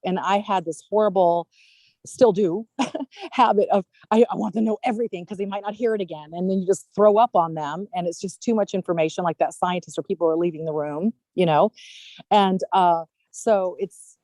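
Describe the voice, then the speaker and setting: A woman's voice: lowish voice, fairly quick, warm tone, no echo. A woman on a video-call panel chatting casually, rambling and self-deprecating, laughing often at herself. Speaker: summit panelist.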